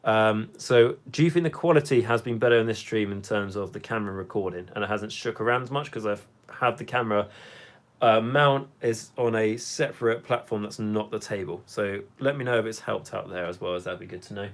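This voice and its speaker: A man's voice: lowish voice, fairly quick. A young man hosting a hobby live stream, chatting casually and rambling with many fillers while he reads the chat.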